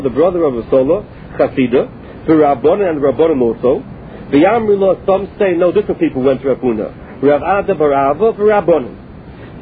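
A man teaching a Talmud class. He reads each phrase of the text and then explains it in plain English. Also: a little high. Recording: tinny phone line with faint noise.

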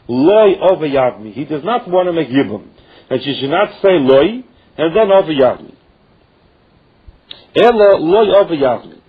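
A man a slightly raised, husky voice leads a class in a cadence. He works through the text line by line, dropping Hebrew and Aramaic terms in as he goes. The sound is dull and muffled, like a lo-fi radio recording. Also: on the high side. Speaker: Talmud teacher. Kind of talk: Talmud study class.

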